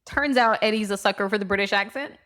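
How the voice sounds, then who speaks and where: A woman's voice: medium pitch, fast talker, a bit bright. A woman co-hosting a podcast, adding wry comments in casual chat about a TV episode. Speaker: podcast co-host.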